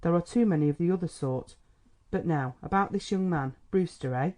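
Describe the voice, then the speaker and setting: A man's voice: on the high side, moderate pace, darkish tone, lightly acted. A man reading a testy, stern old-fashioned doctor. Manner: testy and brusque. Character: stern, gruff middle-aged male country doctor. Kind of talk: audiobook character reading.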